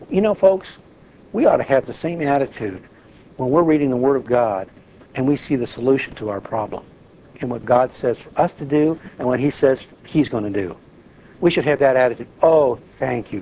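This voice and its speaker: Animated man teaching the Bible. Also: medium pitch, lo-fi sound, a little hiss or hum. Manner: animated, acts out prayers and quotes.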